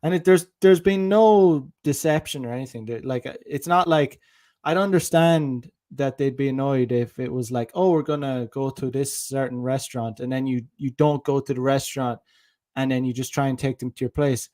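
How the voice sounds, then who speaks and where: A man's voice: medium pitch, normal speed, mellow. A young man giving dating advice in a casual, rambling monologue, with many restarts, acting out bits of dialogue.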